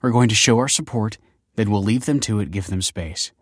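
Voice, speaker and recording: A man's voice: lowish voice, brisk, no room sound, clean studio sound, lightly acted. A man voicing a tense, secretive mother who snaps curt retorts. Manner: snappy, clipped retorts.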